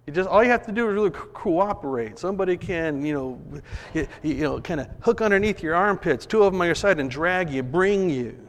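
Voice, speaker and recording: A man's voice: high-pitched, a little fast, few pauses, slight background noise. Man preaching in an echoing hall. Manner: animated storytelling, acting out voices. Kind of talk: sermon. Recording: long reverb of a large hall.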